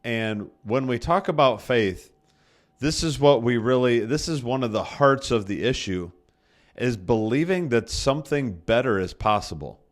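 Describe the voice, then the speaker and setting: A male pastor delivering a sermon in a mid-pitched, conversational voice. He talks to the congregation as if chatting, circling back to repeat key lines and stopping to rephrase himself as he goes. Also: expressive, measured pace. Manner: conversational preaching that restates points for emphasis; frequent self-corrections and restarts.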